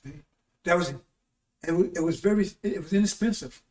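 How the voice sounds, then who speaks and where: A man's voice: high voice, normal speed, darkish tone. A man giving a rambling, informal sermon on a broadcast, often checking in with his listeners with "See?" and "Right?". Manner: rambling, with frequent "See?" and "Right?" tag questions. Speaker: preacher hosting a broadcast. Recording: roomy echo, distant from mic.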